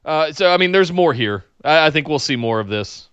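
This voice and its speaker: Chill guy on a wrestling pod, smooth voice a bit higher, dry muffled sound. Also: animated, fairly quick, fairly bright tone, dry recording. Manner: laid-back, agreeable, short replies. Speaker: wrestling podcast co-host. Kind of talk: casual recap chat.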